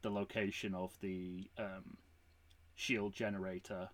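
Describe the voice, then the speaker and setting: A man voicing a scheming old galactic emperor in a low, hushed delivery while retelling a story idea. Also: level tone, measured pace.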